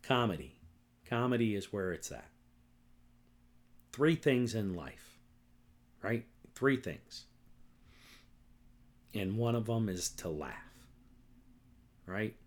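On a solo podcast, a middle-aged host fumes and curses, repeating himself and constantly asking "right?" and "okay?" His lowish voice has lively intonation, moving slowly and pausing often.

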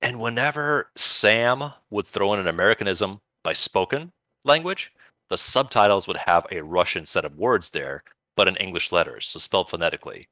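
A man's voice: sits low, expressive, moderate pace, pushed and bright, no room sound. A man co-hosting a podcast, chatting casually and enthusiastically about video games, rambling with bursts of playful emphasis. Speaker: podcast co-host.

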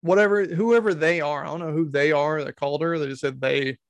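A man's voice: a little high, steady tone, brisk, dry recording. A man giving casual comedic commentary, sarcastic and incredulous, swearing freely.

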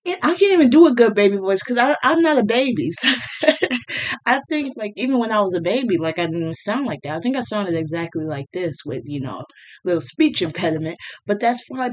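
A woman's voice: mid-range voice, expressive, a little fast, a little hiss or hum. A young woman ranting bluntly and sarcastically to camera as a vlogger. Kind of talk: casual rant to camera.

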